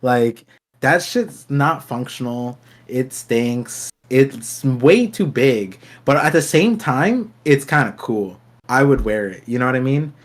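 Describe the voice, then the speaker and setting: Young male co-host, casual banter, animated delivery, mid-range voice. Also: medium pitch, takes it slowly. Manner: animated, laughs often, trails off quietly. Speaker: podcast co-host. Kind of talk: casual chat.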